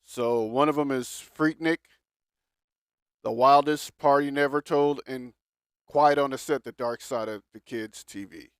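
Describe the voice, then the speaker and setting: A man's voice: mid-range voice, unhurried, clean tone, dry recording, clean studio sound. A man co-hosting a podcast in casual chat, rambling and throwing in teasing jokes. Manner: joking, rambling, teasing interjections. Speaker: podcast co-host. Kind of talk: casual pop-culture chat.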